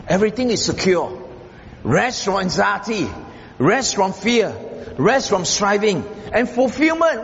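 A man preaching a sermon as pastor, emphatic and repetitive, swinging from loud stressed phrases to low murmurs. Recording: dull roomy hall sound with faint background noise.

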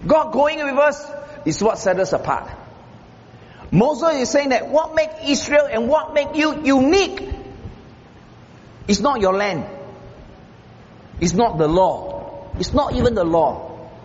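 A man preaching a sermon as pastor, emphatic and repetitive, swinging from loud stressed phrases to low murmurs. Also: expressive, slow pace, pauses often. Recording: dull roomy hall sound with faint background noise.

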